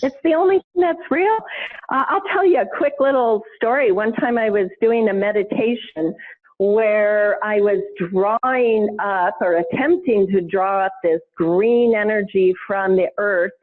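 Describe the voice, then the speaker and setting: A woman guest telling a story in a conversational interview, animated and laughing often, with expressive swings in her voice. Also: mid-range voice, a little slow. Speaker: podcast guest, intuition teacher. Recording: tinny phone-like line.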